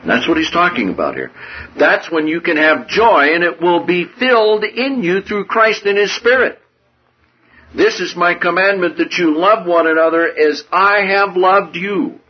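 Husky preacher with soaring, dipping delivery. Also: male voice, lively intonation, a little slow, muffled recording. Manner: swings from hushed lows to loud high outbursts. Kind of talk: sermon.

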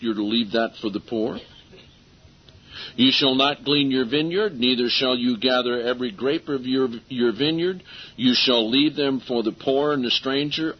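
A man preaching a sermon and reading scripture aloud, emphatic, slowing down to stress key phrases. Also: mid-range voice, breathy edge. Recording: dull lo-fi recording.

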